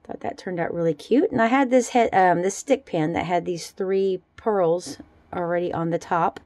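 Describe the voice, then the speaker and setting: A woman casually showing off her handmade jewelry in a relaxed, chatty way at a home craft table. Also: fairly low pitch, no echo. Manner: chatty, relaxed, fond little asides. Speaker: jewelry-making vlogger. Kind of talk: casual show-and-tell.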